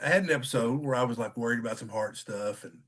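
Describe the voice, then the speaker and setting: A man's voice: mid-range voice, fast, a bit bright, slightly rough. A man from South Texas, co-hosting a casual sports podcast and telling rambling stories in which he acts out the people he quotes. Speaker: podcast co-host.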